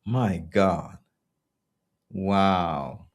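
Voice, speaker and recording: A fairly low-pitched Belgian man hosts his own podcast, delivering casual opinion commentary as a loose, sarcastic rant with drawn-out words. He mocks what he criticises, laughs again and again, and keeps everything off the cuff.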